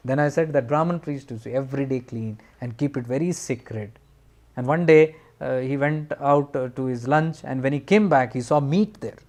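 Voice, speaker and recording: A man's voice: mid-range voice, a little mellow. Earnest man telling a sacred story. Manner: earnest, unhurried storytelling with emphatic repetitions. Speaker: spiritual teacher. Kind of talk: spiritual storytelling talk.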